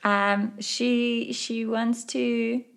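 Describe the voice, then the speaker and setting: Woman player explaining her moves, kinda hesitant, lots of likes, highish voice. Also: level tone, drawn-out words, vocal fry. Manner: casual, hesitant, with fillers. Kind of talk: tabletop game chat.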